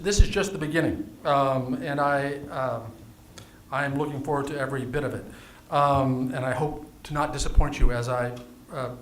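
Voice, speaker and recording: Male event emcee, fairly high pitch, halting with fillers, dry humor, roomy hall sound. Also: a bit bright. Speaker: master of ceremonies. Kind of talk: live event remarks. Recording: echoey hall.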